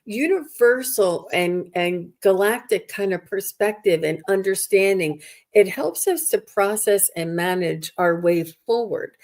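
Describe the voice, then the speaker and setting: Woman, host, casual interview chat, thoughtful, halting. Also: medium pitch, a little mellow. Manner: thoughtful, halting, frequent "you know".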